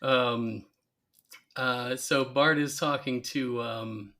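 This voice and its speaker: Guy podcast host retelling an episode, animated, quotes lines as he goes. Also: mid-range voice, very slow. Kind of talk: casual chat recapping an episode.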